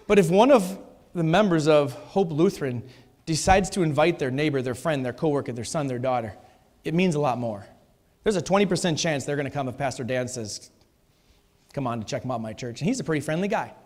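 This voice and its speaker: In a church sanctuary, a man delivers an emphatic sermon, repeating his key phrases. His voice is a little high and darkish in tone, and he speaks a little fast. The recording carries the long reverb of a church hall.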